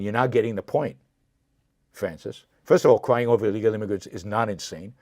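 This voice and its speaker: A man hosts his own commentary show with a lowish voice and a fiery, indignant delivery. He hammers points home by repeating them and talks straight back to viewers' comments. The sound is dry and close, with no room echo. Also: brisk, a little mellow. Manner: impassioned, indignant, repeats himself for emphasis; answers viewer comments directly. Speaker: show host. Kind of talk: solo political commentary.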